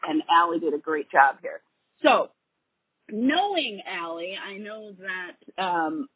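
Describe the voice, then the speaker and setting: A woman's voice: mid-range voice, breathy edge, dry recording. A woman hosting a call-in advice show, chatting casually and laughing easily as she answers questions. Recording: tinny phone-like dry line.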